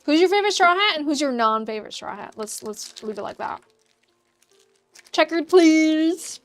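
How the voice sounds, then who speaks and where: A woman's voice: high voice, lively intonation, normal speed, faint music behind. A woman hosting a craft livestream, chatting upbeat with her viewers and laughing often while she works. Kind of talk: casual chat with live chat while crafting.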